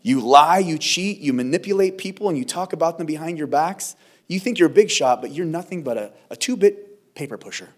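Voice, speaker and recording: This is a sharp-tongued old woman on the witness stand, heard through a preacher's retelling, as a man lightly puts her on. She lists people's faults in a blunt, scolding way, in a fairly high male voice. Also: lively intonation, a little fast.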